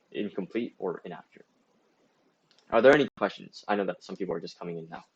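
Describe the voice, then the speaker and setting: Low-voiced young man rambling on a stream. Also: husky, lo-fi sound. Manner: rambling, full of "like" and restarts; reads and answers chat. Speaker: student club streamer. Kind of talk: casual livestream talk giving advice.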